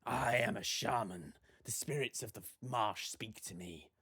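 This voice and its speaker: Cryptic elderly shaman, played by a man, slow solemn murmur. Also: on the low side, a bit bright, husky, exaggerated voice. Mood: ominous. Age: older. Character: old wise male marsh shaman, cryptic.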